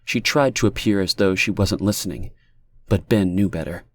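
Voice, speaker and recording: A man with a low voice reading a dark novel aloud. His narration is steady and measured. The sound is dry and close, with no room around it. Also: no echo. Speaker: audiobook narrator. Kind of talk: audiobook narration.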